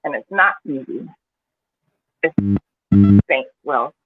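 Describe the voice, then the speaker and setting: A woman's voice: low voice, animated, slow, over music. A woman guest in a podcast discussion, speaking with raw emotion and heavy swearing. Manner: impassioned, profane, rising in intensity. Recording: tinny phone-like call with faint hiss.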